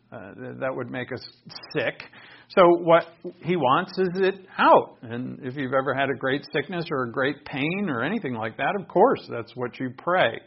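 A man's voice: mid-range voice, slightly rough. Earnest man preaching, lo-fi sound. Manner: earnest, explanatory, asks the listeners questions. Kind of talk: sermon. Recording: dull lo-fi recording.

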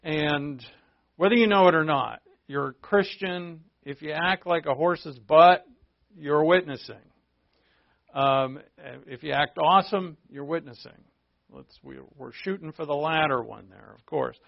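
Speaking a little slowly in a gravelly, high-side voice, a pastor preaches conversationally on a Bible passage, often adding rhetorical asides. It's a dry recording with dull, lo-fi sound.

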